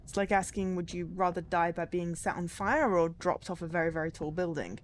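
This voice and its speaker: A woman's voice: fairly low pitch, a little fast, a little hiss or hum. A tired woman streaming a game, chatting wryly and reading signs aloud. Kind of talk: casual gaming stream commentary.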